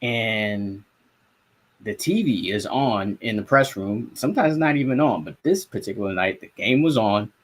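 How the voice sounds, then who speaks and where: A man's voice: lowish voice, moderate pace, slight background noise. A young man from South Florida, a sports podcast co-host and reporter, telling a story in casual sports talk. He acts out his own reactions and swears freely.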